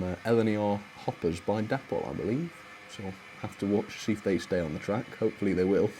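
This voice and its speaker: Chatty man, lowish voice. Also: a little mellow, a little hiss or hum. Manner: chatty, cheerful, frequent fillers and small laughs. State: a bit out of breath. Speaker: host of a model railway live stream. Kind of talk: live stream chat, thanking viewers.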